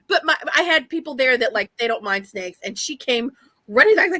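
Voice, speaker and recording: A woman's voice: sits high, animated, fast, bright, forceful tone, no room sound. A woman hosting a live stream, telling rambling stories in casual chat with lots of restarts. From Texas. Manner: chatty storyteller, rambling with many restarts.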